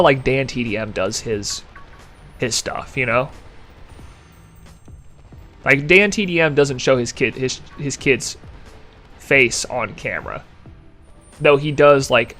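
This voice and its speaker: A young man talks loosely to his stream chat, wandering off on jokes and reading messages out loud. His voice swings up and down a lot while it stays mid-pitched. Soft music plays quietly underneath. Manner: rambling, jokey, reads chat aloud. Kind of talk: casual live-stream chat.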